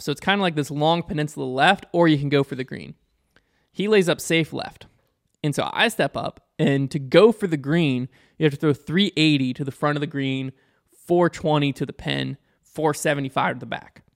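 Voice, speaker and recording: A young man telling a story in casual conversation, animated and quick, acting out the people he quotes. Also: fairly high pitch, creaky. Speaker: podcast guest or host, disc golfer.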